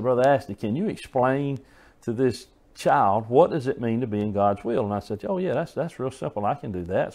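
A man's voice: mid-range voice, a little mellow. A man preaching a sermon, earnest and folksy, telling stories and often restarting his phrases.

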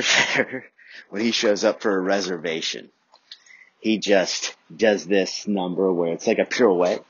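A low-voiced man with a husky edge rants through a podcast monologue, cursing freely and bouncing from tangent to tangent. The sound is dry and a bit dull, like a lo-fi home recording. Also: fairly bright tone, dry recording. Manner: profane, riffing, jumps between tangents. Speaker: podcast host. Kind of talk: rambling comedic monologue.

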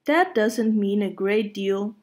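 A woman's voice: mid-range voice, lively intonation, takes it slowly, a little mellow. A woman reading the lines of a gloomy old donkey in a children's story, dry and mournful. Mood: glum. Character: gloomy old male donkey, slow and glum.

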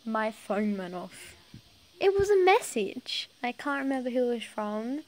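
A woman's voice: a little high, sing-song, unhurried, poor audio. Giggly young woman reading fan fiction aloud. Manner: giggly, reacts often, stumbles over words. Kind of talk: reading a story aloud with commentary.

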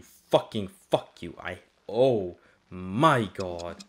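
A young man commenting on his own gameplay, cursing a lot and swinging between angry yelling and low muttering. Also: expressive, unhurried, over music. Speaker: gaming channel host.

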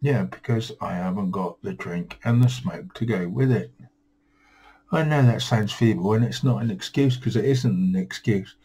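A weary man talks to his camera at home, his voice low, dark and a little husky. He grumbles and mocks himself in a rambling, tired way. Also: moderate pace, rough recording. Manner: weary, self-deprecating, grumbling. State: tired, yawning. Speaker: vlogger. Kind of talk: rambling solo vlog.

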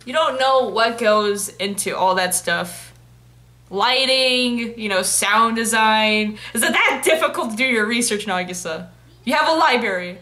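A woman's voice: fairly high pitch, pushed and bright. A young woman reacting to an anime, giggling often and talking back at the characters on screen. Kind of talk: casual reaction commentary.

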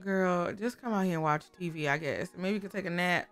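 A gaming creator offers casual, chatty let's-play commentary on a life-sim game, often speaking to the characters on screen. Her voice is fairly low, fairly quick, and a bit bright, with soft music in the background.

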